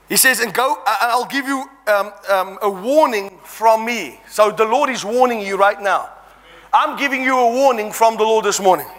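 A man's voice: sits high, bright, forceful tone. A man preaching an impassioned sermon, reading scripture aloud and exhorting his congregation. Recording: long reverb in a large hall.

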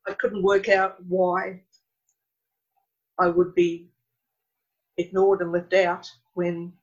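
Earnest halting Australian woman, muffled sound. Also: on the low side, level tone. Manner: earnest, halting, restarts mid-sentence. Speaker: guest. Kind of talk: emotional personal account. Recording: dull lo-fi recording.

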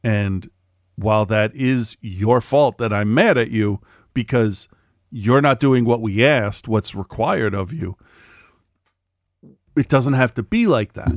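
A man's voice: medium pitch, slow, no room sound. Profane, ranting middle-aged man, dry sound. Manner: animated ranting, profane, mimics people in quotes. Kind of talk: casual chat.

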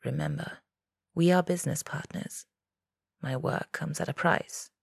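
A woman doing a hushed, guarded fairy. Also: sits low, fairly even intonation, moderate pace, creaky, breathy edge, no echo, clean studio sound, heavily acted. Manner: quiet, clipped, whispered. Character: guarded female fairy, weary and secretive.

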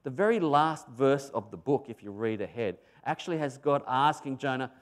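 Animated Australian male preacher. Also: medium pitch, moderate pace, hardly any pauses. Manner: animated storytelling, swings between loud emphasis and soft asides. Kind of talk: sermon.

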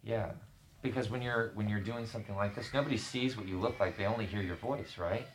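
A woman's voice: extremely low pitch, fairly quick, slight background noise. A woman hosting a podcast, chatting casually with a group of kids and prompting them with short, encouraging questions. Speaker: podcast host and leader of a youth group.

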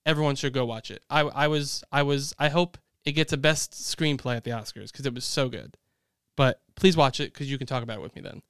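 Fast-talking excitable young man. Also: medium pitch, clear, resonant tone, no room sound, clean studio sound. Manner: excitable, talks fast with exclamations. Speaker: podcast host. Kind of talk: casual chat.

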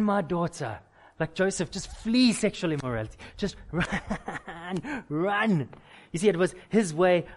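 Pastor, male, slightly high voice; candid, emphatic sermon delivery with stacked lists. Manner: candid personal storytelling with emphatic repeated lists.

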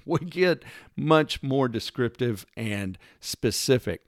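A man's voice: mid-range voice, animated, slow pace, dry recording, clean studio sound. A man delivering an opinion monologue, emphatic and sarcastic, lecturing with rhetorical questions. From United States. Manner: mimics accents in quoted lines. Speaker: commentator.

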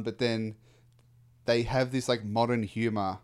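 A man's voice: fairly low pitch, little pitch movement, normal speed, clear, resonant tone. A man, co-hosting a casual film review chat and rambling through his thoughts with restarts and fillers. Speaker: podcast co-host.

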